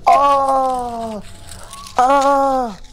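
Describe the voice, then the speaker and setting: A man's voice: very high-pitched, steady tone, extremely slow, background noise. A man reacting to a horror game as he plays it. He is jumpy, swears, and repeats panicked phrases. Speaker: video game player. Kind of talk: casual let's-play reaction.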